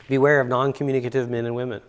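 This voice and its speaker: A man's voice: mid-range voice, fairly bright tone. A middle-aged man giving a relationship seminar to an audience, chatty and repeating words for emphasis. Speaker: seminar speaker and counselor. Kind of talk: relaxed seminar talk with stories. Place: university seminar room.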